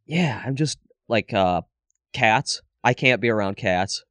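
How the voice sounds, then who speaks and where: A man's voice: lowish voice, animated, a little slow, fairly bright tone, no echo. A man in his thirties co-hosting a podcast, telling rambling, profane stories in casual comedic chat. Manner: profane, rambling storyteller with acted quotes. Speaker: podcast co-host.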